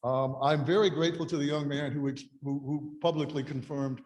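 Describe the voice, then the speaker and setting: A man's voice: on the high side, steady tone, brisk, a little mellow. A man heading an advocacy group, giving pointed, sarcastic testimony to a legislative committee. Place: hearing room. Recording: echoey hall with long reverb.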